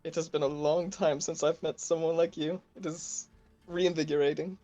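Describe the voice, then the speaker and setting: A man voicing a formal, measured male scholar companion. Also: fairly high pitch, little pitch movement, dark tone, soft background music, lightly acted. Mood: earnest.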